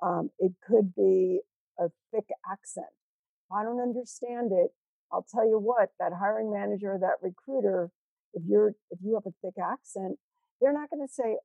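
A woman's voice: mid-range voice, moderate pace, vocal fry, dark tone, no echo, dull audio. A woman guest on a podcast, explaining her career coaching work in an earnest way. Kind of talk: casual interview chat.

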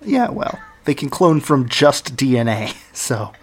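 Male co-host, mid-pitched voice, meandering plot recap full of "uh" and restarts. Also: sing-song, measured pace, slight background noise. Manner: rambling plot recap, hesitant fillers. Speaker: podcast co-host. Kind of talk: casual chat.

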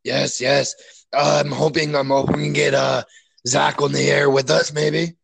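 A man's voice: a little high, flat delivery, moderate pace, vocal fry, background noise. A man who is a guest on a podcast, chatting hesitantly with many filler words. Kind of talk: casual chat.

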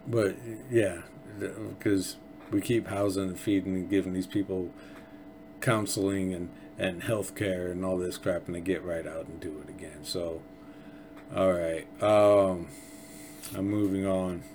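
A man's voice: deep voice, steady tone, a little slow, darkish tone, a little hiss or hum. A man hosting a casual political commentary show, rambling and sarcastic, often restarting his sentences. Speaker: podcast host.

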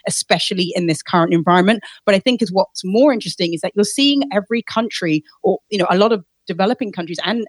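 A woman's voice: medium pitch, dry recording. A woman co-hosting a casual panel discussion, thoughtful, with frequent restarts and fillers.

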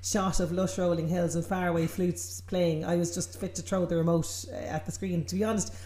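A woman with an Irish accent co-hosting a casual podcast chat, wry and animated. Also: fairly low pitch, a little fast, reverberant. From Ireland. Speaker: podcast co-host.

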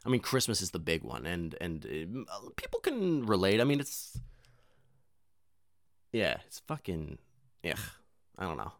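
Young man, casual rambling monologue, profane and self-deprecating, lively swooping pitch, dry sound. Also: a little slow, gravelly, no room sound.

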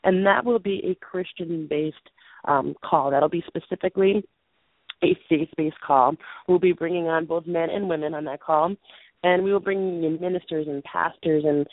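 Co-hosting a call-in show, a woman in her late twenties with a hoarse, low, fading voice makes a casual announcement at a moderate pace. She is earnest and rambling, clears her throat, and restarts sentences. The audio is a thin, tinny phone line with no echo.

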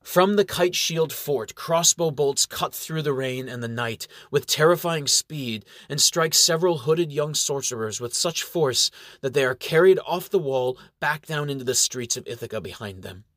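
Guy narrating a fantasy story, measured and dramatic, dry close sound. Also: mid-range voice, animated, a bit bright, dry recording.

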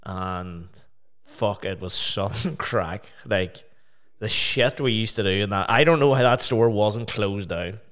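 A man's voice: on the low side, slow pace, a bit bright. A man with a Northern Irish accent hosting a casual chat, telling sweary anecdotes with laughter.

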